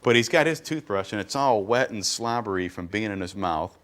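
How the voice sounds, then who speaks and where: Animated man doing stand-up comedy. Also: fairly low pitch, normal speed. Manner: animated storytelling with punchy asides.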